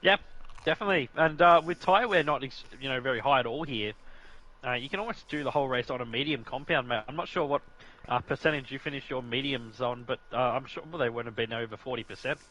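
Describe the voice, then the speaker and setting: A man's voice: mid-range voice, quick pace, sharp tone, rough recording. A man commentating on an online racing league, chatty and jokey, often saying "mate". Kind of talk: casual sim racing commentary.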